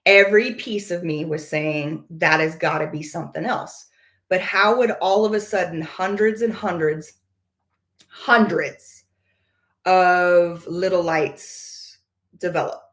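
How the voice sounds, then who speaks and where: A woman's voice: on the low side, slow, a bit bright. A woman casually telling viewers about a personal experience. She speaks earnestly, searches for words and repeats phrases as she goes. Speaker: vlogger.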